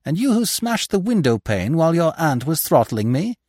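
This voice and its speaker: A man reading a stunned, weakened gentleman thief. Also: a little high, very animated, normal speed, husky, dry recording, clean studio sound, pitched above the performer's own voice. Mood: questioning. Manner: hushed, stammering.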